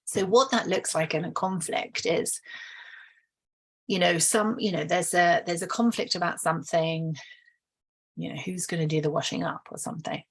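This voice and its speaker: A woman's voice: lowish voice, steady tone, normal speed, vocal fry, fairly bright tone, breathy edge. A woman explaining relationship conflict in a casual, thoughtful way, often restarting and briefly acting out what people say. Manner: thoughtful, acts out quoted voices, many restarts. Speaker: relationship educator.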